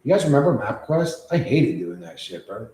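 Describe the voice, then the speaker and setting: A man's voice: mid-range voice, very animated, moderate pace, mellow. Profane rambling man livestreaming. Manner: profane, rambling, reacts to chat. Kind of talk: casual livestream chat. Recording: echoey room.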